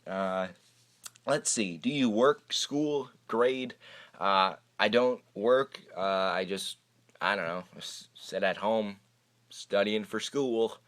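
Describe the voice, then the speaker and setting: Recorded on a camera mic, this casual Q&A vlog has a young magic channel host fielding viewer questions, rambling and restarting hesitantly. He speaks slowly in a lowish, fairly bright voice.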